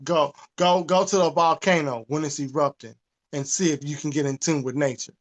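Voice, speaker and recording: A man's voice: a little high, normal speed. A man, ranting with profanity in a casual podcast talk. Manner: animated, profane, preachy. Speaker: podcast host. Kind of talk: casual rant.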